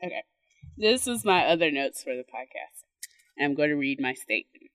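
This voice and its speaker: Lively low-pitched woman podcaster. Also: moderate pace, no echo. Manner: animated, laughs often, acts out her own reactions. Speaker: podcast co-host. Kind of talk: casual chat.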